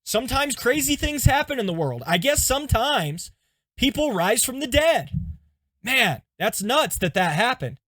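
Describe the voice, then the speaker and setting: A man voicing an unconvinced skeptic who shrugs things off in an offhand, casual way. His voice sits fairly high for a man. The sound is dry and close. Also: very animated, measured pace, fairly bright tone, no echo, heavily acted.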